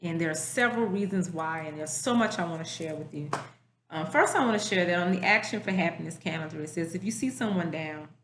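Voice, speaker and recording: A woman school educator giving a casual spoken message, telling stories in a relaxed conversational way full of fillers. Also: on the low side, brisk, roomy sound, a little hiss or hum. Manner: conversational storytelling with many fillers.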